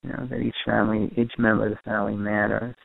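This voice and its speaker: A man's voice: fairly low pitch, little pitch movement, quick pace, gravelly, no echo, narrow, tinny audio. A man giving a recorded lecture to a group on family and parenting, repeating and rephrasing his points for emphasis.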